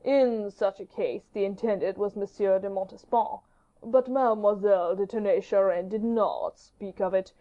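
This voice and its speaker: Woman playing a smooth male courtier, slow and fawning, storybook reading, dull lo-fi sound. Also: medium pitch, fairly even intonation, lightly acted. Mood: deferential. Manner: slow, measured, deferential. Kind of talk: audiobook character reading. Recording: dull lo-fi audiobook recording.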